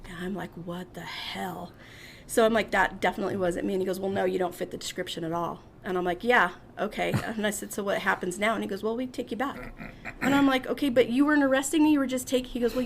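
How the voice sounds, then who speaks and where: Podcast guest, woman, gravelly fry, animated storyteller who plays every character she quotes, faint background noise. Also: medium pitch, fast. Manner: animated, acts out quoted voices. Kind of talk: casual storytelling.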